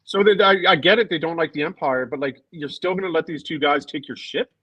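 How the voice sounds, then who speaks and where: A man with a somewhat high voice co-hosting a fan podcast. He thinks aloud, pausing with fillers and letting his sentences trail off. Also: sharp tone, slightly rough, no room sound, highs cut off. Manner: thoughtful, many ums and trailing sentences. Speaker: podcast co-host. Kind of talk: casual fan podcast chat.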